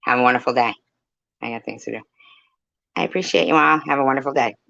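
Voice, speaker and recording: Woman streamer, heated and foul-mouthed; gravelly voice, muffled lo-fi recording. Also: rumbling low, fast, fairly bright tone, no room sound. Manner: blunt, profane, heated. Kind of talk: livestream rant to viewers. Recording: dull, lo-fi, dry mic.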